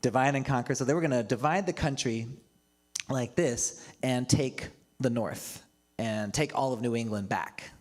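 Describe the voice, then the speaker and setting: Laughing, chatty pastor telling a story. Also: male voice, medium pitch, measured pace. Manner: chatty, laughs often between remarks. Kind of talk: storytelling sermon. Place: church livestream.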